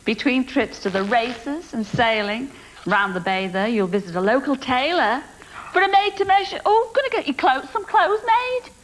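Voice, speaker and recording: High, lively woman game show host. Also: normal speed, rough recording. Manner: chatty, teasing, laughing often. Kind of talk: TV dating show hosting. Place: TV studio with live audience. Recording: loud studio audience and noise.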